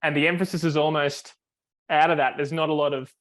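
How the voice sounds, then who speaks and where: A man's voice: on the high side, fairly even intonation, fairly quick, fairly bright tone. A man, a foiling coach, explains technique on a video call, step by step, with many fillers and restarts.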